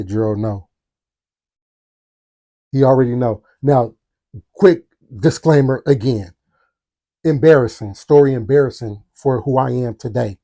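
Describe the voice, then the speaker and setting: A man hosting a storytelling podcast, telling a personal story animatedly and speaking straight to his listeners. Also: medium pitch. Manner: animated, talks to the audience, acts out quotes. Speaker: podcast host.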